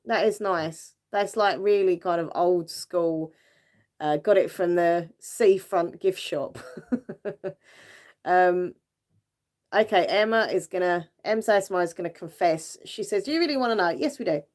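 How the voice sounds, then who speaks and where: A woman's voice: on the low side, a little slow, darkish tone. A British woman hosting a casual livestream, chatting with viewers in a giggly way and using lots of fillers. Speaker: livestream host. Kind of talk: casual live chat with viewers.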